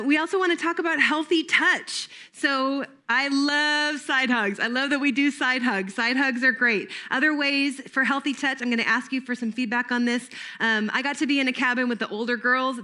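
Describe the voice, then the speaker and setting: Playful middle-aged woman teaching a room, bright and highish voice, sings little jingles. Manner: playful, breaks into made-up jingles, laughs often. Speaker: camp training presenter. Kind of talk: lively training talk to a room of volunteers.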